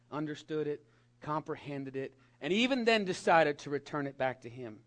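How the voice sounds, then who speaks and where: A middle-aged man preaching a sermon to young people, animated and emphatic, dropping at times to a soft whisper. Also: a little high, fairly quick. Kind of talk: sermon to a youth congregation.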